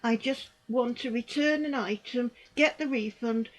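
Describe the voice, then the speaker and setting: A woman's voice: fairly high pitch, a little slow, slight background noise, poor audio. Older woman, earnest and rambling. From United Kingdom. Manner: rambling and earnest, with frequent restarts. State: unwell and in pain. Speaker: vlogger, former psychiatric nurse. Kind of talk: personal commentary monologue.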